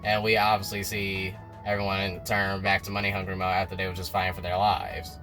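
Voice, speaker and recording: A man recapping a TV episode in a slangy, animated storytelling way, talking straight to his viewers. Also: deep voice, a little fast, soft background music. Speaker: TV recap vlogger.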